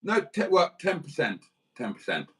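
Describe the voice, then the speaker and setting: A man's voice: on the high side, wildly swooping pitch, moderate pace, fairly bright tone. A British man hosting a livestream, joking and teasing his co-host with mischievous banter.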